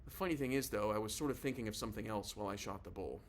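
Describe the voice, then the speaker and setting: A man's voice: fairly low pitch, racing, slight background noise. Man reading a novel in first person. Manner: casual, confiding storytelling. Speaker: audiobook narrator.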